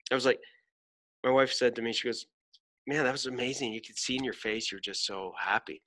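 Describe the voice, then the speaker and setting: A man hosting a podcast, telling an animated story in casual chat, swearing freely and acting out voices. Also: medium pitch, brisk. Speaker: podcast host.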